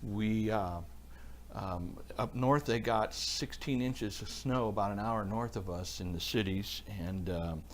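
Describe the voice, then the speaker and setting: Pastor, male, alone in church on a livestream, relaxed rambling delivery, chats with viewers between points. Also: fairly low pitch, unhurried, slight background noise. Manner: rambling, chatty, answers viewers by name. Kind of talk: casual livestream Bible talk reading chat.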